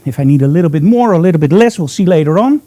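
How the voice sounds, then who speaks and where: Guy teaching a live studio photo shoot, high-ish lively voice, kinda mellow, chatty. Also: rapid-fire. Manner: chatty and upbeat, thinking aloud while working. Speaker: photography instructor.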